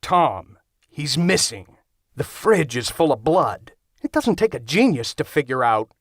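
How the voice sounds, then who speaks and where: A man's voice: fairly high pitch, sing-song, measured pace, no echo, exaggerated voice. Casting: man voicing dry, blunt young guy, bored and unshakable, audiobook role, dead-dry booth sound. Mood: deadpan. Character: bored deadpan young man, unflappable coworker. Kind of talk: audiobook character voice. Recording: dry close studio sound.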